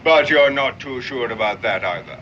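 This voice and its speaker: An actor playing a pompous naval commodore who speaks formally with cutting sarcasm. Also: male voice, medium pitch, expressive, moderate pace, sharp tone, muffled recording, a little hiss or hum. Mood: sarcastic.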